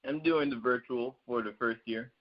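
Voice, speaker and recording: A teenage boy answers questions in a casual interview, soft-spoken and polite. His voice sits at a middle pitch and he sounds relaxed. The sound is slightly dull, like a lo-fi call. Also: normal speed. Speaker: interview guest, student.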